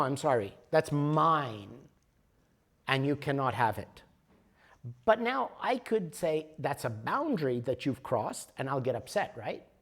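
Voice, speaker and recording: Lively-voiced man leading a workshop. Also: a little high. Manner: explains patiently, asks "okay?" often. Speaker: workshop leader. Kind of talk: workshop teaching. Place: workshop room.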